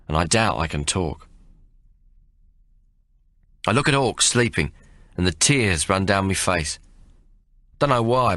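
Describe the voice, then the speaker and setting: Guy reading an audiobook first person, rough old-timey dialect, dry studio sound. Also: low-pitched, a bit bright, no room sound. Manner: rough working-class storyteller's dialect. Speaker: audiobook narrator.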